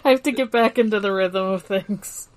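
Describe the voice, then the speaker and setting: A woman's voice: mid-range voice, normal speed. A woman co-hosting a podcast in casual chat, blunt and crude with frequent laughter. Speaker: podcast co-host.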